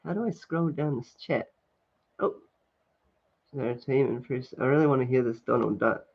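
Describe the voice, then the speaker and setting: Indoors at home on a sunny day, a livestream host chats casually, reads out comments, and laughs often, filling his speech with fillers. He has a creaky, mid-range voice at a normal speed, captured in dull lo-fi stream audio.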